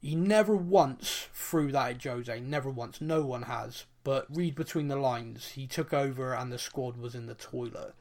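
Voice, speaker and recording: A man from England hosting a football podcast and chatting casually. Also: mid-range voice. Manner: animated, quick asides. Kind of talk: casual chat.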